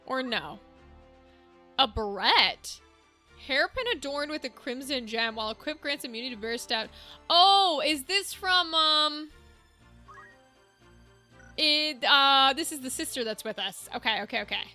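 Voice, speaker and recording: A woman streaming a game, chatting casually and thinking out loud as she sorts out gear. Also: high-pitched, animated, unhurried, pauses often. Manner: chatty, thinks aloud, easily amused. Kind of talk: casual gameplay chat. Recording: game music underneath.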